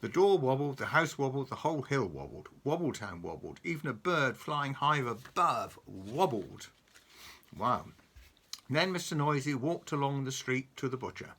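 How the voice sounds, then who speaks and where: Man reading a kids book aloud, voice swoops all over, bright tone. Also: mid-range voice, normal speed, husky. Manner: animated, chuckling, pointing at pictures. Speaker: storyteller reading to a child.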